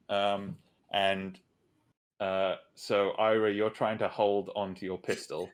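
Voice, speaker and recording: Slow, low-voiced male game master. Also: flat delivery. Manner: hesitant, many ums and uhs. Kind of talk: narrating a tabletop game.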